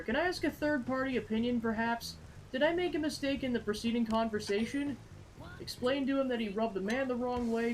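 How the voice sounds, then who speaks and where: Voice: medium pitch, natural voice, low-quality recording. A gamer voicing a formal, odd male alien researcher while reading game dialogue aloud, ending statements with tag questions. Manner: stilted, tacks questions onto statements.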